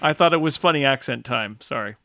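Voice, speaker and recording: A man's voice: mid-range voice, brisk, sharp tone, no room sound. A man playing in a tabletop game who jokes and teases the others. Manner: joking, teasing. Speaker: player. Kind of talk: casual tabletop play.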